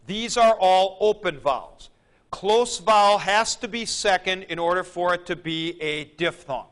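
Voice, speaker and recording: Unhurried male lecturer explaining Greek, bright edge to the voice. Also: high-pitched, clear, resonant tone. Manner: deliberate, dry joking asides. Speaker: Greek teacher. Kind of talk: classroom lecture.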